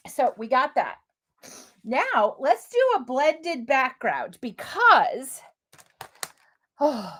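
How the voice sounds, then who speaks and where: A woman hosting a live crafting demo, chatty and gushing, talking straight to her viewers as she works. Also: high-pitched. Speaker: crafting livestream host.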